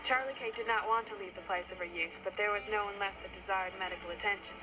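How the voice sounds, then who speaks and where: A woman's voice: mid-range voice, fairly even intonation, fast talker, natural voice, poor audio. A woman voicing a film narrator over music. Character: grown woman recalling her grandmother. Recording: film soundtrack with music underneath. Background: film score.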